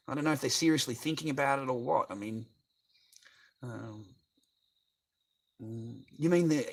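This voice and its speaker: Rambling, foul-mouthed Australian man. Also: mid-range voice. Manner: rambling, heavy swearing, constant filler words. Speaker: livestream host. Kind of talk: casual livestream chat, reading viewer comments.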